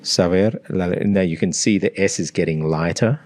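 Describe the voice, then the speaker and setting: Deep-voiced Australian man explaining sounds. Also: brisk, darkish tone. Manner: demonstrates sounds aloud, teacherly. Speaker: language coach. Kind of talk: explanatory analysis.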